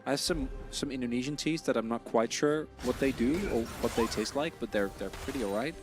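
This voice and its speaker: Chatty male esports caster over music. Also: mid-range voice. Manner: chatty, self-deprecating, quick shifts to excited calls. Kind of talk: casual esports commentary.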